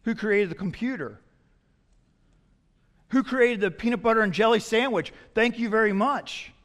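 A man preaching a sermon as pastor, swinging from loud emphatic lines to quiet, low asides. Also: moderate pace, long reverb tail.

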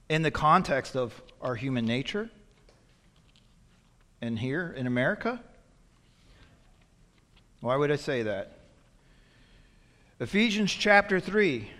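Storytelling pastor in a reverberant church. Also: male voice, a little high. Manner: storytelling, swings from hushed to loud. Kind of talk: sermon. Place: church sanctuary. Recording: long reverb in a church hall.

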